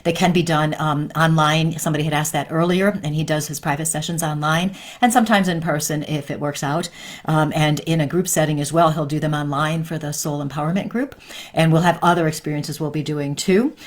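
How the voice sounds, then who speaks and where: A woman's voice: deep voice, a little fast. A woman, a medium and life coach, hosting a casual live stream and answering viewer questions in a chatty way.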